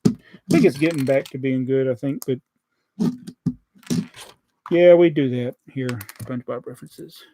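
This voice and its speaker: A man's voice: medium pitch, normal speed, pauses often, dark tone, a little hiss or hum. A man with a Southern American accent, chatting casually on a live stream as he builds a toy set, joking and reading out viewer comments. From Southern United States.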